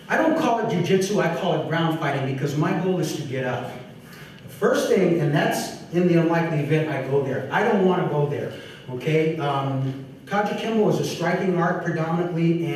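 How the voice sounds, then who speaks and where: Martial arts instructor in an echoey hall. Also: male voice, fairly high pitch, a little hiss or hum. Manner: animated, demonstrating moves while talking. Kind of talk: teaching a seminar class. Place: large echoey training hall. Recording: echoey hall recorded from far off.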